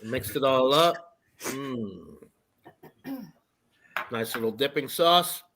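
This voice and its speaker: Slow-talking bright-voiced man. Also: medium pitch, animated. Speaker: guest on a live beer show. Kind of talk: casual live-stream chat.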